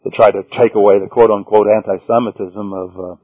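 A man preaching in a measured teaching tone, reading scripture passages aloud and then pressing his points home. The sound is dull and lo-fi, with a dry, close feel and no room around it. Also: fairly low pitch, little pitch movement, breathy edge, no room sound. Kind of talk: Bible teaching sermon.

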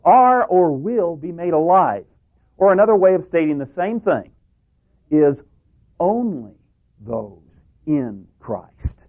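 Guy teaching a bible sermon over tinny radio, punches single words, voice swoops all over. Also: medium pitch. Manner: emphatic, lively, stresses single words, asks the audience questions. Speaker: preacher. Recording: tinny phone-like radio broadcast.

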